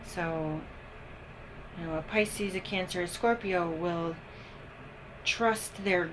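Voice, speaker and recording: A woman giving a casual tarot reading, unhurried and thinking aloud with frequent pauses and ums. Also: on the low side, noisy background. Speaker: tarot reader.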